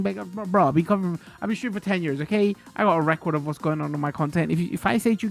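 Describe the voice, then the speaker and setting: A man's voice: high voice, racing, gravelly, hardly any pauses, faint music behind. A man streaming games, chatting and ranting loosely to his viewers with frank swearing. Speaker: game streamer. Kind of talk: casual live-stream chat.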